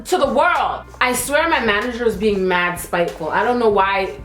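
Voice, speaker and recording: A young woman telling a storytime while doing her makeup, animated and slangy, acting out what people said. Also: medium pitch, normal speed, hardly any pauses. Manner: animated, slangy, acts out quotes. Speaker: beauty vlogger. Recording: roomy echo, faint music.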